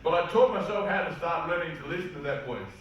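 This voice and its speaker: An Australian man shares personal stories as testimony to a seminar crowd in a big hall, earnest and plain-spoken, with plenty of slang. He speaks quickly with a slightly high voice and lively intonation, picked up by a distant mic in an echoey room.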